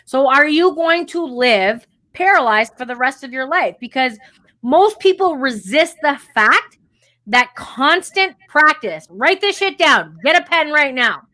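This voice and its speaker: High-voiced woman coaching listeners. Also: animated, a little slow, sharp tone. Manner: direct, coaching, casual swearing. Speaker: podcast co-host. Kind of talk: motivational podcast talk.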